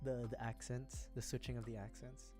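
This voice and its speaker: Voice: mid-range voice, level tone, normal speed, over music. A streamer from the Philippines chatting casually on a livestream, rambling, self-mocking and laughing often.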